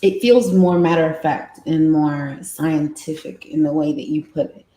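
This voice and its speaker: A woman hosting a live interview, asking questions in a halting way and restarting as she searches for her words. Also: deep voice, fairly even intonation, dark tone. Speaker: interview host. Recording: echoey room.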